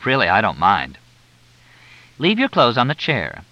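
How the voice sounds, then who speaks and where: A blunt older lady of means, a mother and grandmother, barks orders in a bright, sharp, lively voice, as a male storyteller puts her on. Her brisk, matter-of-fact bossiness carries through a dull, dry, lo-fi audiobook recording. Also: medium pitch, no room sound, full character voice.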